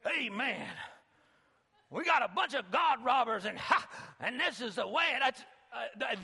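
A high-pitched male pastor delivers a conversational sermon in a church sanctuary. He repeats his key phrases and breaks into emphatic, rising bursts, and his voice carries a long reverb off the hall walls. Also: bright, forceful tone.

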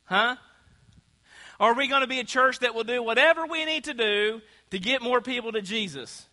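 A man's voice: very high-pitched, normal speed, bright, forceful tone. A man preaching a sermon in a church, asking the congregation to call out answers. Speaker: pastor. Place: church sanctuary. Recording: long church hall reverb.

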